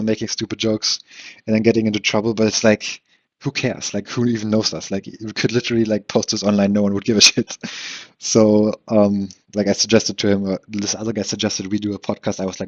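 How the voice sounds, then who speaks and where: A man's voice: fairly low pitch, a little mellow, highs cut off. A young man rambling in a solo podcast monologue, swearing casually and breaking into laughs, with lots of fillers and restarts.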